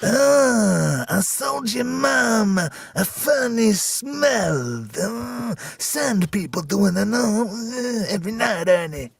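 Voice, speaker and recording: A man's voice: high-pitched, very animated, slow pace, gravelly, few pauses, breathy edge, dry recording, pitched above the performer's own voice, full character voice. A man doing a hammy impression of a leering male alien nobleman from a sci-fi series, drawn out and exaggerated.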